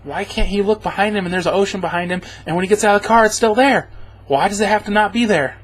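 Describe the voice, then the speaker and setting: A man's voice: high-pitched, quick pace. A man giving a rambling, sarcastic spoken movie review, chuckling as he goes. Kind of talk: casual spoken film review.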